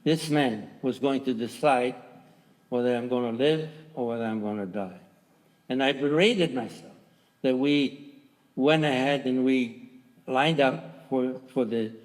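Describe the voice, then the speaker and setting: Man in his nineties, spoken testimony, halting with restarts, mid-pitched, long theatre reverb. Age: 90s. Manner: halting, with restarts, voicing quoted dialogue louder. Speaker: Holocaust survivor giving testimony. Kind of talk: personal testimony to a large audience. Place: large theatre stage.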